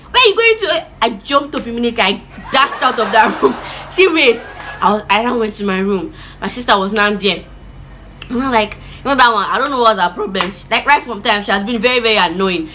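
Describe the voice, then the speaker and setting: A young woman with a Nigerian accent telling a dramatic storytime vlog, animated and expressive, slipping in pidgin words. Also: fairly high pitch, a little hiss or hum. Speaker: vlogger.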